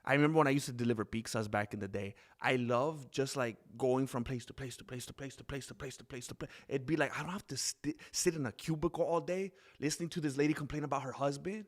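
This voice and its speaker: A man's voice: medium pitch, quick pace, few pauses. A man hosting a casual live stream into a desk microphone, rambling between topics and reading chat comments aloud with frequent laughs. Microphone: desk microphone with mixer.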